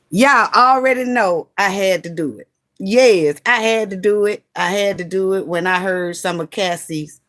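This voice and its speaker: A woman's voice: mid-range voice, fairly bright tone. Chatty woman greeting livestream viewers. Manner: chatty, greets viewers by name, fiddles with phone setup. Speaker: livestream host. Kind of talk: casual livestream chat. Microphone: phone.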